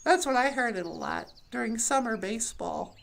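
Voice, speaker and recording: Woman comic, high and bouncy delivery, dry sarcastic storytelling with quick put-on voices. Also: expressive, creaky, a little hiss or hum. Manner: sardonic, acts out other people's voices. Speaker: comedian. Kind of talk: stand-up storytelling.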